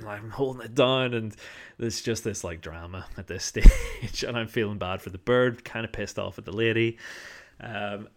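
A man hosting a podcast alone, telling a rambling story full of fillers and frequent laughter into a microphone. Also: on the low side. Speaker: podcast host. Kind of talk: casual storytelling monologue. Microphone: studio microphone.

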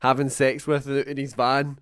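Laughing mid-pitched Scottish man. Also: level tone, moderate pace, a bit bright, smooth, no echo, studio quality. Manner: laughing, anecdotal, asks questions. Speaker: podcast co-host. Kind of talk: casual chat.

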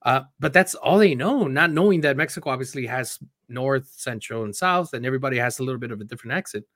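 A man's voice: medium pitch, fast talker, dry recording. Laid-back bilingual man, dry close sound. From Chicago area. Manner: relaxed, rambling, swears, mixes in Spanish. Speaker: podcast co-host. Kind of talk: casual chat.

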